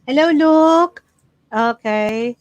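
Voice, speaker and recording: A woman's voice: on the high side, very slow, a little mellow, no room sound, highs cut off. A chatty, giggly woman with a Filipino accent, hosting a casual livestream and reading out viewer comments. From Philippines. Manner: chatty, giggly, code-switching. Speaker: livestream host.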